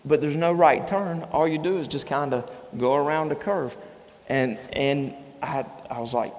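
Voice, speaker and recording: A man preaching a sermon as pastor, mixing scripture teaching with relaxed personal stories. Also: fairly high pitch, moderate pace. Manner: conversational storytelling with personal anecdotes. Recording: long reverb in a large hall.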